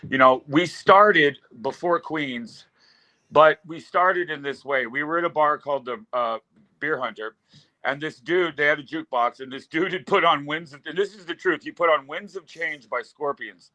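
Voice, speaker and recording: A man's voice: on the high side, normal speed, sharp tone, no room sound, rough recording. A man in his fifties, a guest musician, telling rambling stories with loose fillers in casual talk. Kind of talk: casual storytelling.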